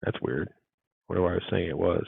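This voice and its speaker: A man with a low, gravelly voice, teaching a coding class and working through each step out loud. His muttered asides sound dry and tinny, as if picked up over a phone line. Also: fairly even intonation, fast, no room sound. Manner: thinks aloud, muttering asides. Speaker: university instructor. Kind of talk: live coding lecture.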